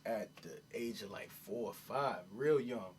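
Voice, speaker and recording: A man's voice: lowish voice, a little slow, a little hiss or hum. A man in his twenties, a rapper from New York raised in Miami, chatting loosely in an interview, full of "like" and "you know what I mean". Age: 20s. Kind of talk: casual interview chat.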